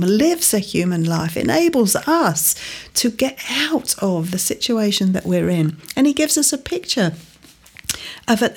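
Earnest woman preaching, slightly breathy. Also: mid-range voice, darkish tone. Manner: earnest, emphatic Bible teaching with rising stresses. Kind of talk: sermon.

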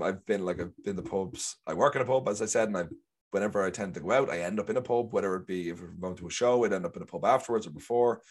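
A young Irish man telling stories in casual conversation, rambling and acting out what people said. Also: low-pitched. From Ireland. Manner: chatty, rambling storyteller who acts out quotes. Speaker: guest actor. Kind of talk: casual chat.

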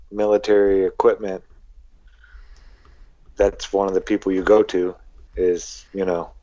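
A quiet man speaking haltingly in a casual live-stream chat. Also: fairly low pitch, no echo, muffled recording.

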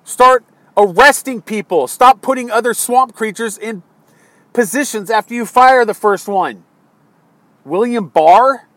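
An American man ranting angrily about politics, swearing constantly and swinging between low muttering and exasperated yelling. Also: a little slow, no room sound. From United States. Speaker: political commentator. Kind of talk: angry political rant.

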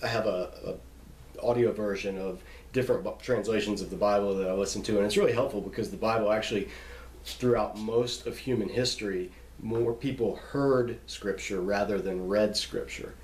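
A man with a somewhat low voice teaches in an easygoing, conversational way, often restarting a phrase as he works out how to explain it. The sound is roomy, with a clear echo around him. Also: steady tone, normal speed, darkish tone, a little hiss or hum. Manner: explanatory, repeats and restarts while thinking aloud. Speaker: Bible teacher. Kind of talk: casual teaching monologue.

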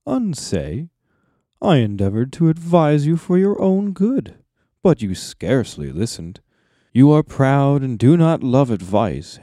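A man voicing a proud, silver-tongued old male wizard, reading a book passage aloud in a coaxing, measured way. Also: mid-range voice, mellow, dry recording, clean studio sound.

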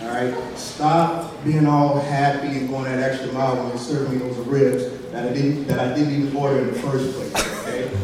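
A man's voice: medium pitch, flat delivery, brisk, few pauses. A man doing a stand-up comedy set, telling a story in a conversational way and tossing in "right?" asides. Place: comedy club stage. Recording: far-off mic in an echoey hall with loud audience noise.

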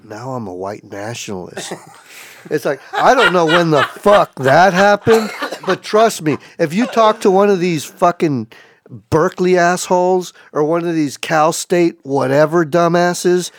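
A man as a podcast guest in casual chat, telling stories in a profane, animated way. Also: on the high side, a little slow.

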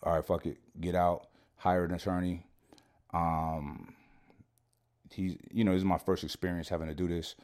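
Deep-voiced man telling a story casually. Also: level tone, moderate pace, long pauses, a little mellow. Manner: slangy and profane, keeps saying "you know what I'm saying". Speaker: podcast guest.

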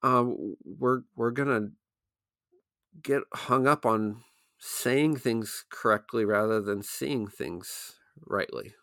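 Halting man musing on philosophy. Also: medium pitch, a bit bright, no echo, studio quality. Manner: halting, restarts often, thinks aloud. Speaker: podcast co-host. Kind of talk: casual philosophical discussion.

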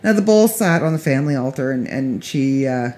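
A woman's voice: rumbling low, expressive, brisk, dark tone. Middle-aged woman, casual vlog storyteller, chatty and rambling, restarts often.

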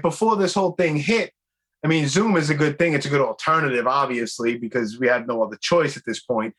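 A man's voice: on the high side, a bit bright. A man hosting a podcast on a video call from his bedroom, easygoing and swearing freely. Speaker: podcast host. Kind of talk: casual interview chat. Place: bedroom at home.

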